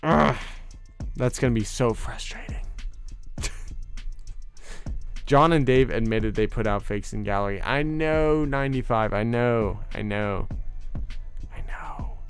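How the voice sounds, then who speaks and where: Excitable man hosting a chatty livestream. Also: mid-range voice, measured pace, long pauses, soft background music. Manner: excitable and chatty, often laughing and teasing viewers. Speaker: host of a fan channel livestream. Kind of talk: casual livestream chat reacting to viewer comments.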